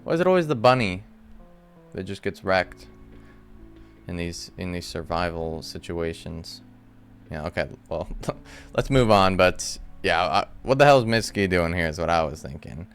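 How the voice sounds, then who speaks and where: Chatty low-voiced man recapping a show. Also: normal speed, soft background music. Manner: chatty, rambling, animated asides. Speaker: TV episode breakdown host. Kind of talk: casual recap commentary. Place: room at home.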